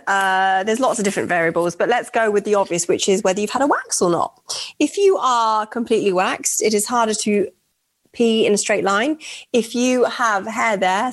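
A woman's voice: medium pitch, no room sound. A young woman co-hosting a radio dating show, chatty and sweary, with frequent laughs. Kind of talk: casual banter on a radio podcast.

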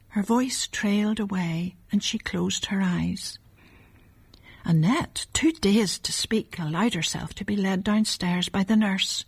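A woman reading a story aloud, softly and often in a half whisper. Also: mid-range voice, slow pace, creaky, husky.

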